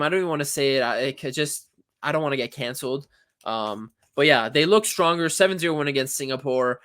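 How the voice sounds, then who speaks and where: A man's voice: on the high side, fairly bright tone. A young man giving a casual, opinionated football recap, chatting in a rambling way with frequent restarts. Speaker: football channel host.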